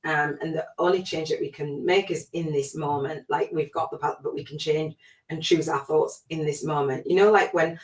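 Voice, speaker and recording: A middle-aged woman with a low voice talks casually and reflectively, filling her sentences with little hesitations. She sits some distance from the mic in a room that rings with echo. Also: fairly even intonation, moderate pace. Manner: chatty and reflective, with many fillers. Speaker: spiritual life coach hosting a podcast. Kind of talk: casual spoken monologue. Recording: echoey room, voice away from the mic.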